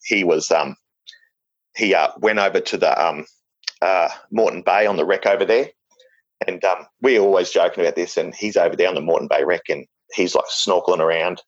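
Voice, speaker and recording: Deep-voiced Australian man telling yarns. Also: a little fast, lo-fi sound. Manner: rambling, jokey, many fillers and restarts. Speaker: interviewee. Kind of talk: casual storytelling.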